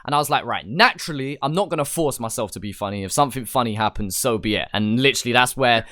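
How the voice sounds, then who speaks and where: A man's voice: medium pitch, fast, sharp tone, dry recording, studio quality. A young man with a London accent, chatting casually as a podcast guest and acting out quotes in funny voices. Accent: London English. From England. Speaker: podcast guest, upcoming artist.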